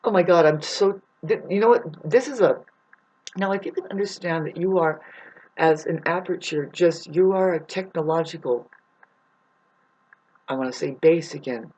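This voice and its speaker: A woman's voice: lowish voice, normal speed, darkish tone. A woman in a rambling, profane spiritual monologue, laughing often as she talks. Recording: muffled lo-fi recording.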